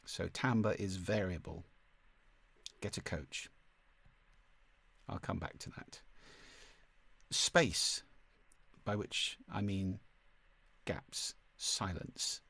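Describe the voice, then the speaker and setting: A man teaching a masterclass on speaking, with a clear, deliberate delivery and occasional vocal demonstrations. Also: deep voice, fairly bright tone. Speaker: speaking coach. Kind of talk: online masterclass lesson.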